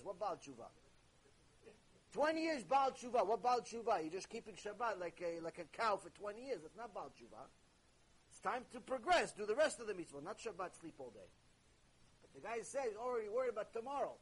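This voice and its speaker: A man delivering a recorded religious ethics lesson, talking to his listeners in an animated, conversational way. His voice is husky and pitched high. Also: a little fast, poor audio. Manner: animated, conversational, with sudden jokes. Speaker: religious teacher.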